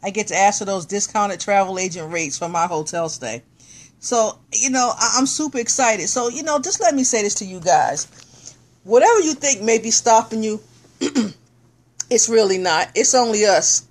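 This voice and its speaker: A middle-aged woman speaking at an ordinary mid-range pitch, live-streaming to her viewers. She talks in an excited, animated way, giving fired-up encouragement. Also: normal speed.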